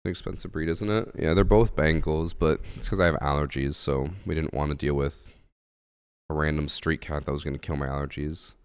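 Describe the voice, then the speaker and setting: A man's voice: rumbling low, fairly even intonation, fairly quick, clean tone, no echo, clean studio sound. A man chatting casually on a headset mic while streaming a game from home, rambling and swearing now and then. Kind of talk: casual gaming stream chat. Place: home gaming setup. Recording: game gunfire noise behind voice.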